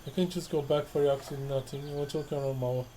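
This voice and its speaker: A man's voice: fairly high pitch, fairly even intonation, fast, warm tone, a little hiss or hum. A man casually playing through a narrative game, reading dialogue choices aloud, repeating lines and adding wry asides. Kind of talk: casual let's-play commentary. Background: game music.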